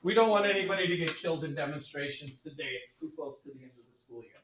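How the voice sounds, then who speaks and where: A male chemistry teacher running a classroom demonstration, joking with students, repeating "all right" and calling the class ladies and gentlemen. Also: on the high side, fast, a little hiss or hum. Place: school classroom. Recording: echoey classroom from far off.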